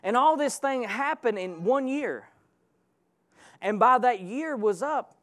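A man's voice: extremely high pitch, animated, takes it slowly, a bit bright. A man preaching a sermon with passion, calling out to his congregation. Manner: impassioned, calls out to the congregation.

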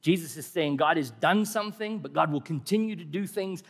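A middle-aged preacher with a husky, fairly high voice delivers his sermon briskly in a church hall full of long echo. His tone is wry and conversational, and he keeps throwing out rhetorical questions.

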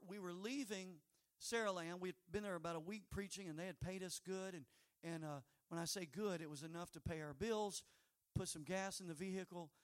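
A man, preaching a folksy, rambling sermon story that builds toward shouted praise. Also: high-pitched.

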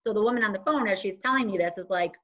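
A woman's voice: mid-range voice, very fast. A woman, a guest on a conversational show, telling her own story casually and acting out what other people said to her. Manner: animated, acts out other people's lines. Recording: dull lo-fi recording.

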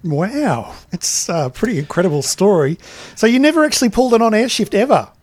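A man's voice: sits high, very animated, fairly quick, darkish tone. A man, hosting the interview with brief questions and interjections. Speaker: interview host.

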